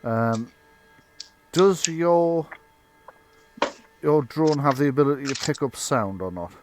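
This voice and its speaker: A man's voice: a little high, slow pace, faint music behind. Give me a chatty man running a tabletop game. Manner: chatty, laughing, loose. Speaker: game master.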